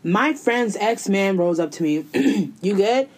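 Chatty woman with a bouncy lively voice, cussing, acting out lines from the show. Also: medium pitch. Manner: animated, profane, acts out characters in quick quoted voices. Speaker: co-host recapping a TV series. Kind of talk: casual chat.

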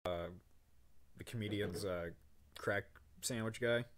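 A man hosting a podcast, telling stories in an animated way and swearing freely. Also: fairly low pitch, slow pace. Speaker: podcast host. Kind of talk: casual podcast chat.

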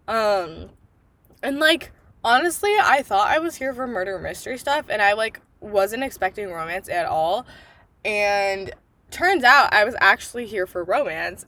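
Woman, high voice, sharp bright tone, casual book review chat, gushing, exasperated, swears a lot, rambling fillers. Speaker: book podcast host.

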